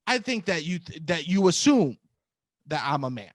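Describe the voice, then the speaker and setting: A man co-hosting a podcast, telling profane, animated stories about auditions and laughing often. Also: a little high, normal speed, dry recording, clean studio sound. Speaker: podcast co-host, comedian. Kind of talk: casual storytelling chat.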